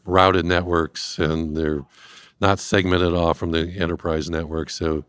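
A man speaking as a guest expert, explaining risk step by step in a measured way. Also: sits low, flat delivery, a bit bright, clean tone. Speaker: industrial cybersecurity guest expert. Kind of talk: explanatory interview talk.

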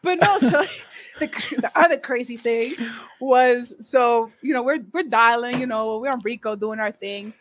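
A young woman insurance agent chats as a podcast guest. Her voice sits a bit high. She tells stories with lots of laughter and acts out the people in them with vivid impressions. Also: a little slow, slight background noise. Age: late 20s. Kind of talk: casual podcast chat, storytelling.

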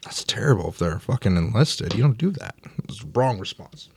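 A man chatting casually as a player in a tabletop game, animated and quick to joke. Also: lowish voice, vocal fry, breathy edge.

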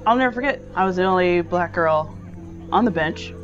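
Young female athlete, lively storyteller, muffled lo-fi audio, music bed. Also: fairly low pitch, fairly quick. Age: young adult. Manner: animated, laughs often, acts out dialogue. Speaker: soccer player, interview clip. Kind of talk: casual storytelling.

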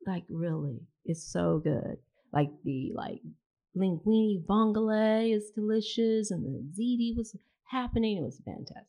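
A woman's voice: mid-range voice, unhurried. Chatty woman author telling a story. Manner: chatty storyteller, animated voices for dialogue. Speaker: author reading guest. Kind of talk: anecdote told to an audience. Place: live reading event indoors.

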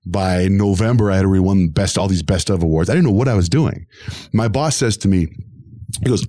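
A man's voice: low voice, fairly quick, dry recording, studio quality. A middle-aged man, a radio host, telling his career story in an interview and acting out the voices of the people in it. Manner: animated, acts out quoted voices.

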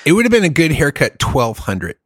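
Man, casual storyteller, lively pitch, dry close sound, cussing freely. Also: a little fast, no room sound. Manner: animated storytelling, swearing, frequent "dude". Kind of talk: casual chat.

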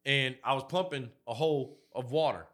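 Medium in pitch and normal in pace, this podcast co-host swaps crude work stories full of profanity. When quoting people, he performs their lines loudly.

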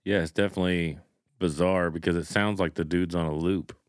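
Man, very low voice, smooth and resonant, casual podcast chat. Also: a little fast, dry recording, studio quality. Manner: relaxed, speculative, uses "like" often. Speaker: podcast co-host.

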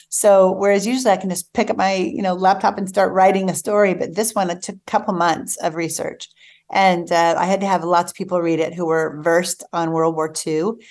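A woman novelist being interviewed on a radio show, talking eagerly and laughing often. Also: on the low side. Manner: warm, enthusiastic, laughs often. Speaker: guest novelist. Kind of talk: casual radio interview chat.

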